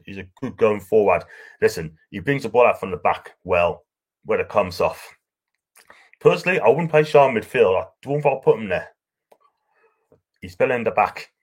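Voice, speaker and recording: North east english guy rambling on a livestream, voice on the low side, reading out comments all friendly. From North East England. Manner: rambling, chatty, affectionate with viewers. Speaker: livestream host. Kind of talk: casual live chat reading viewer comments.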